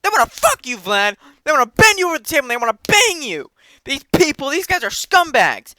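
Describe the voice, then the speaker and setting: A man voicing a pushy, smooth-talking businessman on a phone call, using high, loud, wheedling salesman patter. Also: big pitch swings, normal speed, no echo, exaggerated voice. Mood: ranting.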